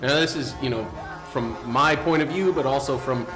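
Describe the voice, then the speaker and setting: A man's voice: medium pitch, moderate pace, music in the background, rough recording. A man co-hosting a podcast, chatting casually and sarcastically with frequent restarts. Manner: sarcastic, joking, rambling with restarts. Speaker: podcast co-host. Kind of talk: casual political chat.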